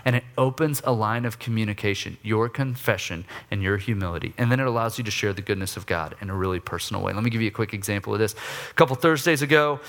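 A man preaching, telling a personal story with lively acted-out outbursts and quiet, soft confession. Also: fast talker. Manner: animated storytelling, acts out his own griping in raised voice; drops low and soft for confession. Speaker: pastor.

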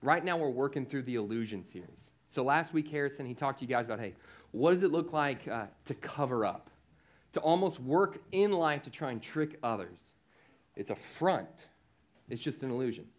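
A man giving a youth sermon, who talks lively and often asks the young audience "right?". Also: mid-range voice, normal speed. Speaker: youth speaker.

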